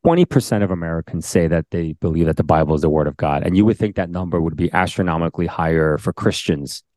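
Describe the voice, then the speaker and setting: Excitable man with a low voice. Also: fast, dry recording, clean studio sound. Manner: animated, excitable, exhorting the audience. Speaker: podcast co-host. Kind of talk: casual faith podcast chat.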